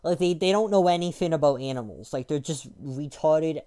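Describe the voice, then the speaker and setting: A young man with a dark, mellow and smooth voice delivers a rambling, irritated rant. He talks crudely and loosely, with lots of fillers and restarts. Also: fairly high pitch, brisk. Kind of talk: casual ranting monologue.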